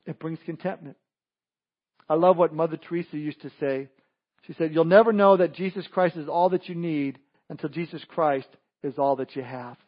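A man with a high voice preaches a sermon to his congregation. He delivers it with emphatic, punchy lines that swell up for emphasis. The recording is slightly dull and lo-fi. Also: normal speed. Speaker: pastor.

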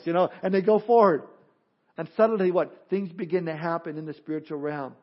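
Male pastor, high-pitched, emphatic sermon delivery, muffled lo-fi audio. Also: moderate pace. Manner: earnest, emphatic, repeats words in restarts.

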